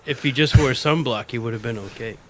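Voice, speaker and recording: A man cracking deadpan pun jokes on a casual podcast. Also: mid-range voice, fairly quick, a crowd in the background. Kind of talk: casual chat.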